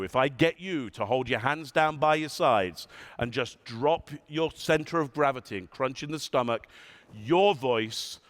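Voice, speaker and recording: A man giving a conference keynote in a large hall, animated and asking the audience questions, sometimes dropping his voice low and soft to show a point. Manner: demonstrates tones, drops voice low and soft. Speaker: keynote speaker.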